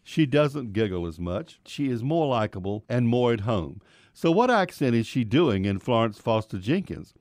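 A man's voice: medium pitch, big pitch swings, normal speed, darkish tone, no echo, studio quality. A man giving a scripted radio commentary on an actress, telling a wry story about meeting her. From Virginia, US. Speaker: radio film critic.

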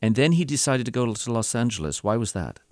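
A male radio host introducing his guest and asking measured questions. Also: medium pitch, sing-song, dry recording, clean studio sound. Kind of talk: radio interview.

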